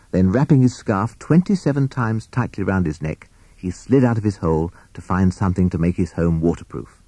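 A man reading a children's storybook aloud as narrator, in an expressive, animated way. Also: deep voice, fairly quick, hardly any pauses, breathy edge, no echo.

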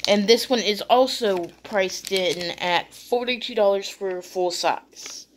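Slow, rambling woman showing beauty products. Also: mid-range voice, a little hiss or hum. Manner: rambling, halting, full of fillers and restarts. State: sleepy, still waking up. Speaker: beauty vlogger. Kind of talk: casual unboxing chat.

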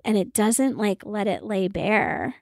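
A woman's voice: mid-range voice, animated, slow, vocal fry, dry recording. A woman on a podcast reacts thoughtfully, affirming what she heard and feeling her way toward her point. Her voice sits mid-range. The recording is close and dry. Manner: thoughtful, affirming, searching for words. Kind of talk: conversational podcast talk.

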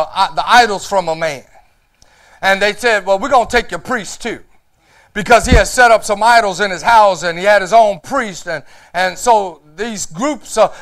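High-voiced preacher, rising to shouts. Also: male voice. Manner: preaching with rising shouts and call-outs of "Huh?". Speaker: pastor. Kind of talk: sermon. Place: church.

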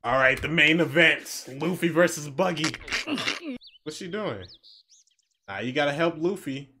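A man's voice: a little high, a little slow, noisy background. A young man giving casual, slangy reaction commentary while watching an anime, full of exclamations and laughter. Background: anime audio playing.

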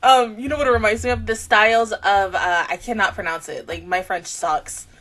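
A woman reacting to an anime episode in casual commentary, emotional and excitable, tearing up and gasping. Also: medium pitch, moderate pace.

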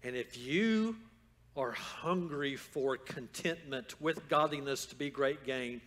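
Bright-voiced man preaching a sermon. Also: mid-range voice, slow. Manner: builds from calm talk to loud fervent exhortation. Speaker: pastor. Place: church sanctuary.

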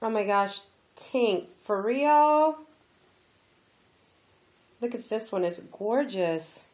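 Gushing woman, unhurried delivery, casual unboxing vlog. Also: mid-range voice, lively intonation, a little mellow. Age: adult, has a daughter. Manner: gushing, exclaims often. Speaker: crafting vlogger opening a gift.

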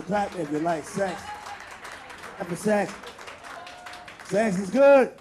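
A man doing crude, loud stand-up comedy and teasing the audience in a live comedy club. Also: high voice. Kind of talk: stand-up with crowd work.

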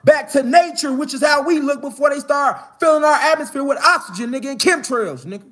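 A man preaches outdoors in the mountains. His talk is casual, profane and slangy, and it keeps climbing into fired-up shouts. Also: very high voice, brisk, few pauses. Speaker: spiritual commentator.

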